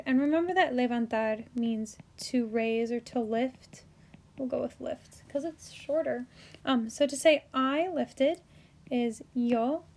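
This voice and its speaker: A woman teaching a recorded Spanish grammar lesson, spelling out endings carefully, with playful asides and quick self-corrections. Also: on the high side, darkish tone.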